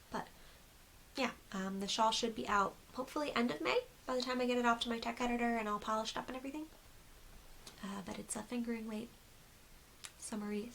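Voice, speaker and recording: Woman, crochet vlogger, rambling casual chat, some vocal fry, light hiss on the recording. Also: on the high side, a bit bright, low-quality recording. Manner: chatty, rambling, frequent ums. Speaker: crochet designer and podcast host. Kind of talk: casual video podcast chat. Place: seated at home on camera.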